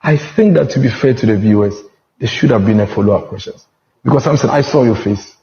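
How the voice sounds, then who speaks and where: A Ghanaian man speaking as a television panel guest, laying out his argument in a deliberate, reasoned way. The sound is roomy and a little muffled. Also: medium pitch, creaky. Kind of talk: measured panel discussion. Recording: roomy, muffled studio audio.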